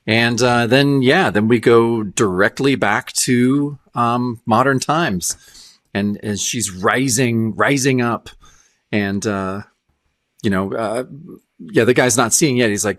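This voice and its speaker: A man's voice: fairly low pitch, moderate pace, no room sound, studio quality. A man co-hosting a podcast, chatting casually about comics and acting out lines from the panels. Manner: animated, acts out comic panel dialogue. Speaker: podcast co-host. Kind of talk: casual comic review chat.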